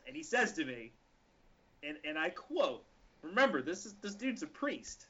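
Man in his own voice, animated storyteller, bright and forceful tone, slightly higher pitch, muffled lo-fi sound. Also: moderate pace, husky. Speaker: podcast co-host telling a story. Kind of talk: casual storytelling chat. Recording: lo-fi podcast audio.

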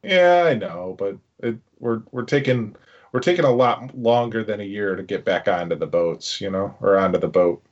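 A man's voice: fairly low pitch, normal speed. A man hosting a casual podcast, rambling and hesitant with many fillers as he chats with friends. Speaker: podcast host. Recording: muffled lo-fi audio.

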